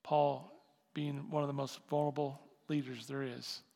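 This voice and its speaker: A man preaching a sermon as pastor, impassioned and building to loud emphatic peaks. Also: medium pitch, little pitch movement, normal speed, creaky. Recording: long hall reverb.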